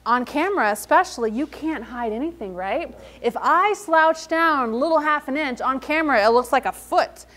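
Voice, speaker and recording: A woman's voice: sits high, expressive, moderate pace, hardly any pauses, a bit bright. A woman giving a motivational talk to a live audience at an event, telling stories and acting out the quoted lines as she goes. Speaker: invited speaker at an entrepreneurship event. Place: event hall in front of an audience.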